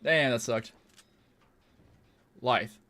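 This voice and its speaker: A man's voice: medium pitch, extremely slow, pushed and bright. A young man streaming a game, chatting casually while he plays, rambling and swearing freely. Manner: rambling, profane, laughs often. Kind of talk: casual gaming commentary.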